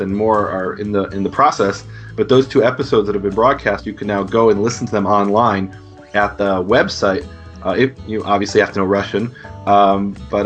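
Man, earnest explainer, lowish voice, faint music underneath. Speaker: guest teacher. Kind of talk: casual podcast chat.

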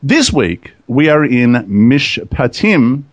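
A man's voice: medium pitch, sing-song, slow. A man hosting a podcast in casual, chatty talk, often laughing. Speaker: podcast host.

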